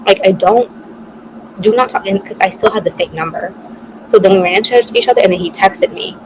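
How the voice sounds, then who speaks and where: Animated young woman telling a story. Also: mid-range voice. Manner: animated, quotes others in a quick back-and-forth. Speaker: podcast co-host. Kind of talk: casual storytelling chat. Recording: clear background noise.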